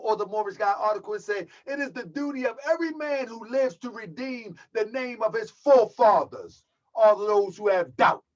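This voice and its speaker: A man giving emphatic preaching commentary as a religious teacher, slowing down and repeating lines for stress. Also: high-pitched. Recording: dull lo-fi audio.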